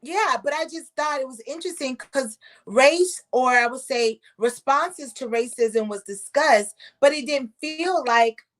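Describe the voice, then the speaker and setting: Chatty, brighter-voiced woman host. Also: high-pitched, a little slow, few pauses. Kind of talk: casual video call conversation. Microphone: video call.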